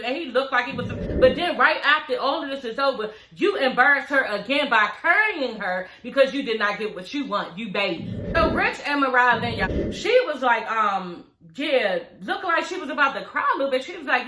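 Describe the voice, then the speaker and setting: A woman casually recapping a reality show episode, animated and profane, often calling out to her viewers. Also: high voice, fairly quick, echoey room, low-quality recording.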